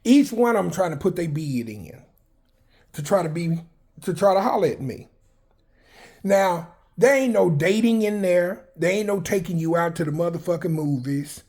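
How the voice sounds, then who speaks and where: A man's voice: sits high, expressive, moderate pace, darkish tone. Blunt, profane man in his fifties. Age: 50s. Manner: blunt, profane, rambling with frequent fillers and restarts. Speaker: vlogger telling personal prison stories. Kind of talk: candid personal storytelling.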